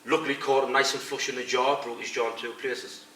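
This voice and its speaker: A man's voice: medium pitch, fairly quick. A middle-aged man being interviewed, bluntly telling fight stories and acting out what others said. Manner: blunt, animated anecdote-telling with quoted voices. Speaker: interviewee, retired fighter and coach. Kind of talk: casual storytelling interview. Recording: echoey room, distant mic, faint noise.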